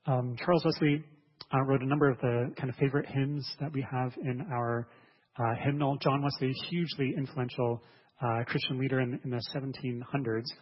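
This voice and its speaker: A man's voice: medium pitch, steady tone, brisk, slightly rough. A man preaching a sermon as a pastor, earnest, often repeating words and asking listeners questions. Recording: dull sound with long hall reverb.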